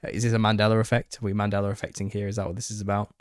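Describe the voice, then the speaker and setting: Male live-stream host, slightly raspy, lowish voice, dry close recording, reacts bluntly to chat. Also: level tone, very fast, no room sound. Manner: reads out chat comments and retorts, exasperated, laughing. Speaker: channel host answering viewer questions.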